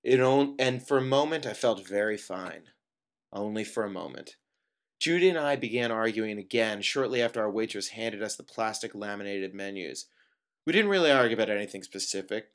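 A man reading a first-person story aloud, with even narration and dialogue that leaps up in pitch. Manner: narration in an even tone, dialogue with sudden high jumps.

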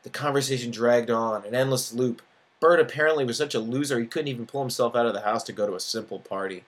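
A man in his thirties reads his own fiction aloud at a mid-range pitch. Between passages he drops into loose, casual asides, full of fillers. His delivery is unpolished and personal. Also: quick pace. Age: 30s. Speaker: author.

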